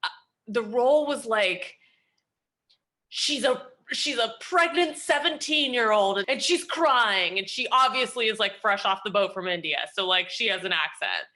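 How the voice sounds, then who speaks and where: A young woman, an actress and comedian, telling casual anecdotes as a guest, animated and laughing often as she acts out the people in her story. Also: on the high side, unhurried.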